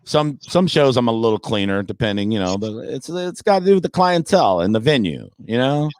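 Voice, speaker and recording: A man's voice: medium pitch, big pitch swings, fairly quick, darkish tone, dry recording. A brash comedian talks football with plenty of swearing and mocking asides. His voice sits in a middle register. The sound is dry and close, with no room around it. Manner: brash, profane, mocking rants. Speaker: comedian and podcast guest. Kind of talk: casual sports talk.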